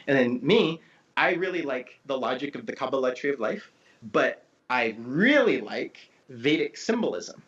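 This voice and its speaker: A man in a casual conversation, explaining ideas as a guest teacher in an animated way and acting out tones of voice. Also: mid-range voice, moderate pace. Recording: dull lo-fi audio.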